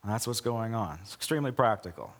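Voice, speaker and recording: A male pastor preaching a conversational sermon with sarcastic asides, acting out quoted lines in a lower, softer voice. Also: animated, fast talker, big-room sound.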